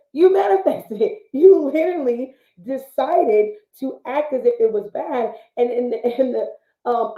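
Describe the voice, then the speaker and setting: A woman co-hosting a live talk show, speaking in an earnest, preachy, repetitive motivational way. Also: medium pitch. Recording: phone-like livestream audio in an echoey room.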